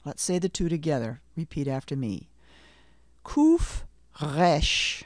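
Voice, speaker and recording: A middle-aged woman teaching a language lesson, slowly and deliberately saying letter names and asking the listener to repeat after her. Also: low voice, expressive, dark tone, dry recording, studio quality. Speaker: Hebrew teacher. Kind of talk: slow, careful language lesson with repetition drills.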